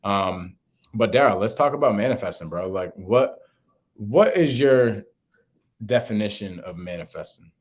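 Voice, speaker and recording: Animated young man telling a story. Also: normal speed. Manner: animated, acts out quotes in a higher voice. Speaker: podcast co-host. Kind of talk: casual storytelling chat.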